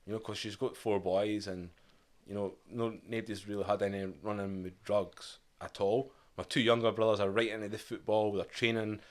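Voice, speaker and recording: Scottish man, low voice, candid storytelling. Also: flat delivery, normal speed, hardly any pauses. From Scotland. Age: 30s. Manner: candid, reflective, quotes his past self and family. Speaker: podcast guest. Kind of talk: casual storytelling interview.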